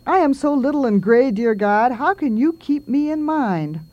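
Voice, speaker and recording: A woman's voice: high-pitched, lively intonation, moderate pace, highs cut off, pitched above the performer's own voice. A woman voicing a small timid gray mouse saying a meek, pleading prayer.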